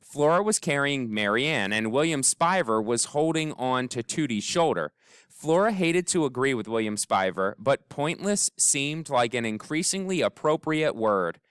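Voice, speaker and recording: A man narrating an audiobook in an expressive, wry storytelling manner. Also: medium pitch, clear, resonant tone, no echo, clean studio sound. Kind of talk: scripted narration.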